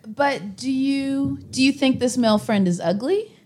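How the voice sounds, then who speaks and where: A woman guest on a podcast, talking hesitantly, repeating herself and quick to laugh. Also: high-pitched, a little mellow. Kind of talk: casual chat.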